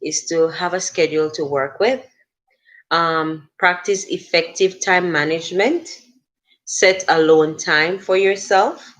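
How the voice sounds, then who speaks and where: A middle-aged woman hosts a casual motivational livestream. Her voice sits on the lower side. She talks slowly and earnestly, and her speech is full of "um"s and restarts. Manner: chatty, earnest, many fillers and restarts. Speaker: livestream host.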